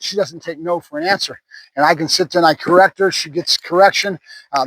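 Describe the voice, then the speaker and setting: A man's voice: sits high, a bit bright, low-quality recording. A man who works as a dog trainer explains puppy training in a casual way, often adding "right?" as he talks. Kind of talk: casual instructional talk while training a puppy.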